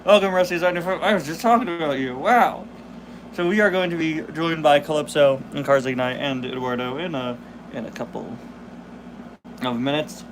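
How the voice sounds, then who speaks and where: Young guy in his 20s on a live stream, kinda high voice, chatty, chewing candy, faint hum behind. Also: moderate pace. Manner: chatty, reads chat aloud, laughs often; chewing candy while talking. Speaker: host. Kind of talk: casual live stream chat.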